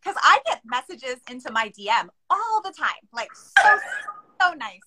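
A woman's voice: sits high, big pitch swings, a little slow, background noise. A woman from Hawaii hosting a casual chat, explaining things with chatty asides. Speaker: host.

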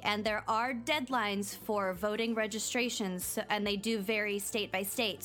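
A woman's voice: medium pitch, a bit bright. A woman with a Minnesotan accent co-hosting a podcast in casual chat, emphatic and teasing. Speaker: podcast co-host.

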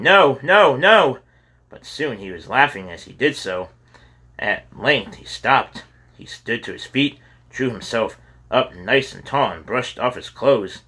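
A man reading a children's adventure story aloud as narrator, steady with occasional stumbles over words. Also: lowish voice, husky. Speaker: audiobook narrator.

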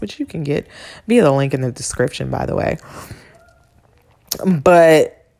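A woman's voice: deep voice, creaky. A woman hosting her own podcast, telling a personal story in a candid, blunt, conversational way, swearing freely and talking straight to the listener. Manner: conversational, addresses listener directly. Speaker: podcast host. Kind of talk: casual solo storytelling monologue.

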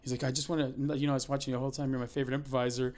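A man's voice: very fast, slight background noise. A middle-aged man hosting a casual talk among improv friends, telling stories with lots of swearing and laughter. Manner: swearing, laughing, mimics his kid in excited high voice. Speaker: improv podcast host.

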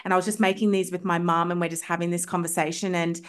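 A woman's voice: on the low side, level tone, quick pace. A woman homeopath telling personal stories as a podcast guest, enthusiastic and chatty, with lots of filler words. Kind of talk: casual storytelling in a podcast interview.

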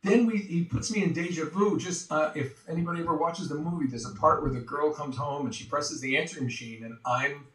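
A man being interviewed as a voice actor, telling stories in an animated way and slipping into quick impressions. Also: a little high. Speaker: voice actor guest. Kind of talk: casual interview chat. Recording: roomy, distant from the mic.

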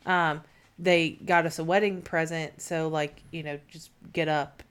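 A woman's voice: low voice, fairly even intonation, measured pace, clean tone. A young woman co-hosting a podcast, recounting a story in a candid, wry way with casual swearing. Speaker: podcast co-host.

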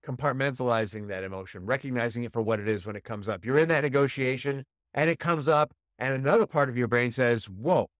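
A man hosting a podcast, telling a personal story and coaching listeners, shifting from low quiet tones to raised, heated voices when acting out emotions. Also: dry recording, clean studio sound. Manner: storytelling, acts out inner voices with rising pitch; drops to a low quiet voice for calm moments. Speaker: podcast host. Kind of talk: coaching monologue.

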